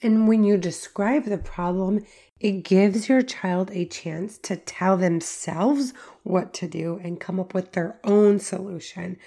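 A woman's voice: medium pitch, slow, gravelly, warm tone. A middle-aged woman hosting a podcast, giving instructional parenting talk in a conversational way with frequent "like" fillers. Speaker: podcast host.

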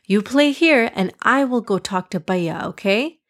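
A woman voicing a patient, loving mother in a children's storybook, speaking gently and coaxingly. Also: mid-range voice, animated, a little slow, lightly acted. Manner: gentle, coaxing, slightly raised.

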